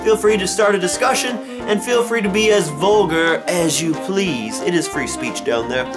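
A man's voice: high voice, moderate pace, over loud music. Jokey man reviewing a book. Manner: jokey, playful asides and mock dialogue. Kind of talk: casual book review vlog.

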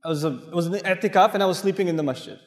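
A middle-aged man from Pakistan gives a sermon in a mosque hall, his fairly high voice carrying long reverb through the large room. He tells stories with animated quoted voices. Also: very fast. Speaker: preacher. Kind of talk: lecture. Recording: echoey hall recording.

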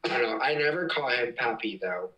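Giggly young man, bright voice, off-mic. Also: mid-range voice, expressive, fairly quick, recorded from a distance, rough recording. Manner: giggly, rambling, frequent laughs. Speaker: livestream host. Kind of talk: casual livestream chat reading comments. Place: home.

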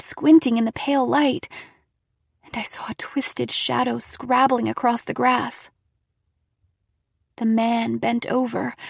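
A woman narrates a first-person horror tale in a dramatic, unhurried way. Her voice is fairly high, with a gravelly, husky grain. The sound is dry and close, with no room echo. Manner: dramatic, shifting into loud frightened shouts for quoted lines. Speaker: audiobook reader.

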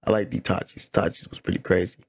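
A man's voice: deep voice, flat delivery, fast, creaky, darkish tone. A young man hosting a reaction video, chatting casually in a rambling, slangy way with laughing asides. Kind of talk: casual chat.

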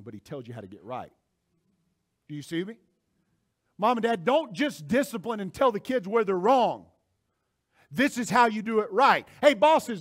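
Animated high-voiced male preacher. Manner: animated preaching, swings from soft asides to shouting. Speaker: pastor. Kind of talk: sermon.

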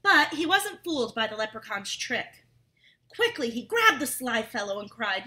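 A woman teacher talking to young kids, reading a storybook aloud and stopping to explain words and ask questions. Her voice is bright and high, and it rises and falls a lot. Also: lively intonation, measured pace. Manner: chatty and explanatory, asks questions of young children.

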